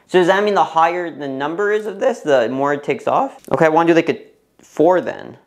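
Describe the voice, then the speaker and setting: A young man vlogging casually to the camera in a bathroom. His nervous, excitable chatter breaks into squeals and laughter. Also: a little high, fairly quick. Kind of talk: casual vlog talking to camera. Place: parents' bathroom, indoors.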